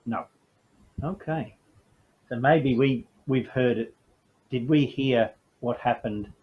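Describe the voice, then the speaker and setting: A man's voice: mid-range voice, slow, breathy edge. A man, narrating a tabletop game in a chatty, casual way. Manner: chatty, laughing between lines. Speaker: game master and player. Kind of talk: casual solo role-play narration. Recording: slightly dull, faint hiss.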